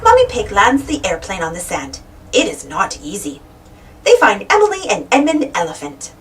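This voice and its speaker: A woman reading a children's storybook aloud in an animated, sing-song way. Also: medium pitch, moderate pace. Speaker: storybook reader. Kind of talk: children's read-aloud narration. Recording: distant mic with faint noise.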